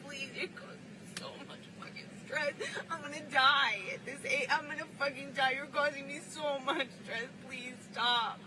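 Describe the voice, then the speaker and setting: A woman's voice: sits high, steady tone, moderate pace. A woman in a tense private argument, pleading and insistent, heard on a noisy private audio recording. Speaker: one side of a private argument.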